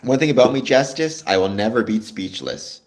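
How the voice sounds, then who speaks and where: A man's voice: mid-range voice, expressive, normal speed. A Canadian man hosting a casual livestream, chatting and answering viewer comments as they come in. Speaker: livestream host. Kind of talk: casual live-stream chat with viewers.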